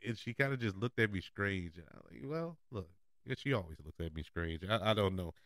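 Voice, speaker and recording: A man's voice: low-pitched, animated, quick pace, fairly bright tone, no echo, studio quality. A man hosting a casual movie preview show, chatty and often laughing. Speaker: podcast host.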